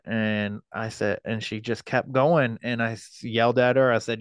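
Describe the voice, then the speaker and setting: A man in his thirties, a podcast guest telling a personal story in a halting, profane way, with many fillers and restarts. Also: mid-range voice, steady tone, clear, resonant tone, no echo.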